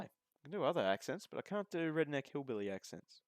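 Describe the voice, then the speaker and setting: A man's voice: on the high side, very animated, quick pace, dry recording. Male host of a racing stream, casual and jokey, dry sound. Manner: chatty, joking, talks to chat. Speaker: race commentator and streamer. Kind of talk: casual live sim racing commentary.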